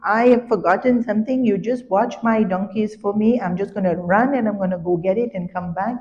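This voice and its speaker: A woman's voice: medium pitch, brisk, darkish tone, muffled recording, lightly acted. A woman voicing a pushy washerman who orders a would-be monk to watch his donkeys. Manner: pushy, demanding. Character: angry male dhobi, a washerman who bosses a monk.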